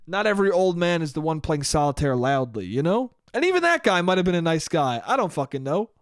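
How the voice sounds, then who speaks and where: A man's voice: fairly high pitch, big pitch swings, fairly quick, no room sound, studio quality. A young man hosting a solo podcast, rambling in a profane, self-mocking way. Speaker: podcast host. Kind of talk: solo comedic monologue.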